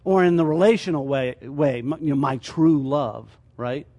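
A man's voice: fairly high pitch, normal speed, a little mellow, husky. A man teaching a sermon as a church teacher, explaining his points through rhetorical questions.

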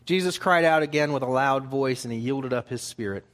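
A man's voice: mid-range voice, brisk, a bit bright. A man preaching a sermon, reading scripture aloud and explaining it in plain, conversational terms.

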